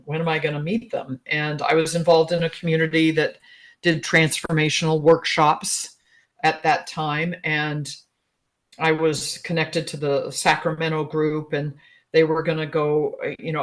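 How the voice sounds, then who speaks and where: A woman in her sixties, a guest relationship expert, telling a personal story in a chatty, animated way, laughing often. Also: sits low. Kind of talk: casual storytelling in an interview.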